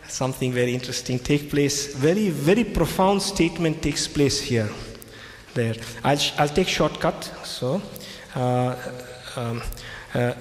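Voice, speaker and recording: A man delivers a lecture as a Christian speaker, retelling scripture, repeating key phrases, and speaking English with non-native phrasing. His voice is mid-range, with a little hiss or hum, in an echoey hall with faint ambience.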